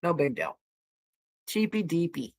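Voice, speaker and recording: A woman's voice: sits low, big pitch swings, measured pace. A woman co-hosting a casual livestream, chatting with viewers in a rambling way and laughing often. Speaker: livestream co-host.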